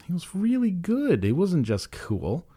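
A man's voice: sits high, wildly swooping pitch, a little slow, warm tone, slightly rough. A man co-hosting a casual chat who jokes around and often trails off mid-thought. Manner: joking, trails off, does bits.

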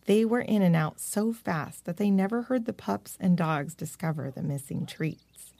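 A woman narrating a children's storybook in a gentle, measured way. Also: on the low side, creaky, no room sound.

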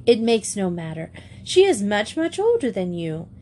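A woman's voice: medium pitch, very animated, normal speed, mellow, a little hiss or hum, natural voice. A woman voicing a serious, courteous schoolgirl who speaks formally and carefully. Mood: earnest.

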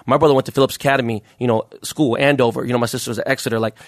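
A man talking very fast and loose in a relaxed interview, full of "you know" and swearing. His voice sounds dry and close, with the room barely there. He sits at a middling pitch and runs his words together in a hurry. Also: no echo. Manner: rapid, profane street talk full of fillers. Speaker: jeweler, podcast guest. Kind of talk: casual interview chat.

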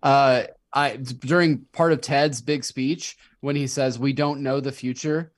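A man's voice: medium pitch, a little slow. A man co-hosting a podcast, chatting casually about a TV episode and reading favorite quotes aloud with enthusiasm. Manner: enthusiastic, reads quotes aloud in animated voices. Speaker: podcast co-host.

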